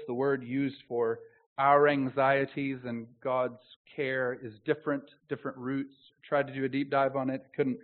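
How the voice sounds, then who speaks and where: A pastor preaches, shifting between quiet, intimate phrases and loud, drawn-out declarations. His voice sits fairly high for a man. The recording is narrow and tinny, like a phone line. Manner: swells to loud emphatic proclamation, drops to soft intimacy. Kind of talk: sermon.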